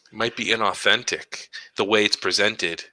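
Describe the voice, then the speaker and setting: A middle-aged man, an educator co-hosting a podcast, chatting casually and telling animated stories that act out quoted dialogue. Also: lowish voice, normal speed, no echo, poor audio. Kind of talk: casual chat.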